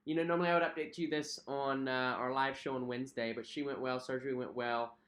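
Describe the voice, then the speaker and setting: A young man chats casually on a home livestream, reading out viewer comments and reacting in a friendly way. His voice sits in a middle pitch, and he leans on fillers and repeated phrases as he talks. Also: steady tone, fast, fairly bright tone. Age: young adult. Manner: chatty, friendly, repeats himself, frequent fillers. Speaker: cruise vlog host.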